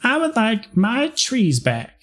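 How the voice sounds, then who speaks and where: A woman's voice: a little high, huge pitch swings, slow pace, voice pushed up, heavily acted. Southern-drawling pond nixie, put on by a woman. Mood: aggrieved. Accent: put-on American Southern. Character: gentle female pond nixie, wounded, drawling.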